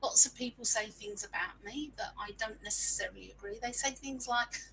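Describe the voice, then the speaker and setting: A woman's voice: a little high, brisk, vocal fry, bright, forceful tone, a little hiss or hum, poor audio. A woman, telling a frank, self-mocking story in a casual live stream and sprinkling in mild swearing. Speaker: small business owner sharing marketing lessons.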